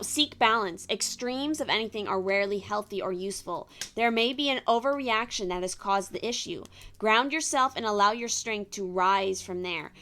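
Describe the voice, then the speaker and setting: A woman's voice: mid-range voice, pushed and bright. A young woman giving a casual tarot reading to viewers, reading card meanings aloud with chatty asides. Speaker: tarot reader.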